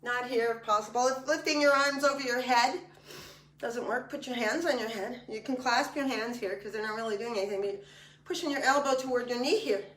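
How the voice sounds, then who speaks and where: Heard off-mic in an echoing room, this woman speaks a little fast in a bright, fairly high voice picked up from afar. She's a fitness instructor taking a class through its exercises, encouraging and chatty, with jokes thrown in.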